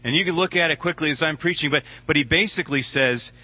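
Male pastor, sermon, bright forceful voice, earnest and conversational. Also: fairly high pitch, fast. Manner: earnest, conversational preaching with repeated words.

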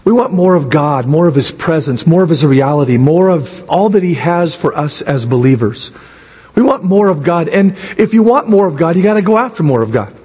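A man with a raspy, hoarse voice preaches from the pulpit, and his pitch sits high for a man. His words ring out with long reverb in a church hall. He pushes toward shouting at the climaxes. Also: expressive, moderate pace. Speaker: pastor. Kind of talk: sermon.

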